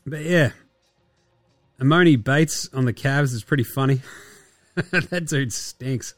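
Sarcastic Australian podcast host. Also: male voice, medium pitch, dry recording, soft background music. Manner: sarcastic, profane, mimics players in quick asides. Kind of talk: casual basketball chat.

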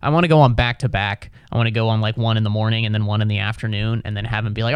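A man's voice: on the low side, steady tone, racing, few pauses, clean tone, no echo. Exasperated man riffing stand-up, profane, dry mic. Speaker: comedian. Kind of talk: stand-up comedy monologue.

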